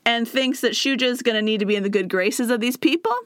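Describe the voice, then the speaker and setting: A woman's voice: a little high, fast talker, no echo, clean studio sound. A young woman co-hosting a podcast, retelling a tabletop campaign in a chatty way, with many fillers and acted asides. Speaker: podcast co-host. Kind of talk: casual chat retelling a campaign story.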